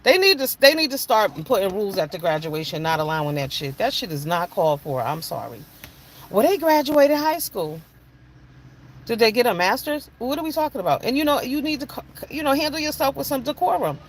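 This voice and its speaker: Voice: medium pitch, sing-song, quick pace, hardly any pauses, fairly bright tone, slight background noise. Blunt, profane podcast host ranting. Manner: blunt and profane, with heavy cursing; indignant, scolding tone. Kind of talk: casual rant on a talk show.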